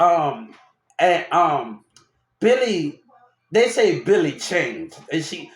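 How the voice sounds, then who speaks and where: A young man rambling through a personal story, repeating himself and restarting often. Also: sits high. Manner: repetitive, restarts often, animated. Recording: roomy echo.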